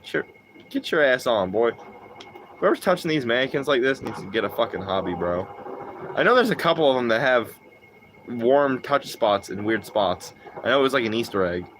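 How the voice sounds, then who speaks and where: A man's voice: mid-range voice, moderate pace, slight background noise. A young man livestreaming a game, chatting casually with viewers, cursing and joking as he riffs off chat. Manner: animated, profane, jokey, riffs off chat.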